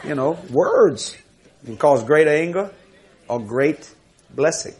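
A man delivers a sermon as a lively story. His voice sits a little high for a man. He laughs often and acts out each person's words. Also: takes it slowly. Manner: animated, laughing storyteller acting out quotes. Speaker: preacher.

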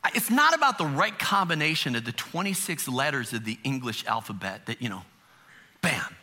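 A man's voice: medium pitch, big pitch swings, moderate pace, bright, forceful tone. A middle-aged man preaching a sermon as pastor, conversational and humorous, with frequent rhetorical questions.

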